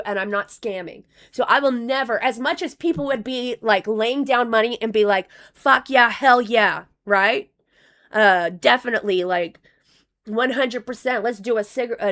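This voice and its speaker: Rambling, profane woman streamer, voice going hoarse. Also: fairly high pitch, a bit bright. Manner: rambling, profane, with many restarts. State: losing her voice. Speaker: live streamer reading donations. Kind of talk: casual live-stream commentary.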